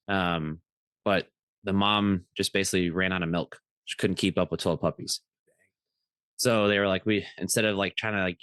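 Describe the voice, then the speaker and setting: A man's voice: low voice, a bit bright, dry recording. A man co-hosting a podcast, telling stories in casual chat, rambling with many restarts and acting out other people's voices. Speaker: podcast co-host.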